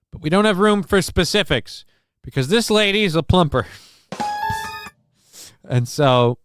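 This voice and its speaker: A man's voice: high-pitched, a bit bright, clear, resonant tone, dry recording, clean studio sound. A man from the American Midwest hosting a casual livestream, joking and rambling as he comments on the news. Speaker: host.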